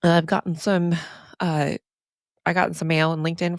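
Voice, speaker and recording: A woman's voice: lowish voice, level tone, fairly quick, no echo, studio quality. A woman therapist hosting her podcast, talking casually and emphatically with frequent laughs and asides. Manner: chatty and emphatic, often says "y'all".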